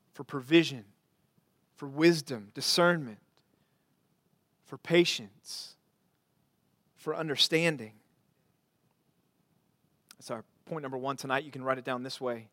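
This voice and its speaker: A man preaching a sermon as pastor, earnest, repeating phrases and swinging from quiet to emphatic. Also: a little high, no echo, clean studio sound.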